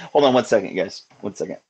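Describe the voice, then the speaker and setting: A man's voice: fairly low pitch, gravelly, darkish tone, husky. A man hosting a casual live call-in show, talking in an earnest, musing way with many restarts.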